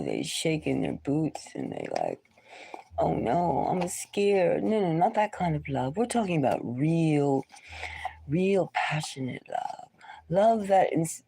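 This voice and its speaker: A woman hosting a live tarot reading, talking in a rambling, conversational way and sometimes dropping into soft whispers. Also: low voice, creaky, husky. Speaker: tarot reader. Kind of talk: live-stream reading, casual talk.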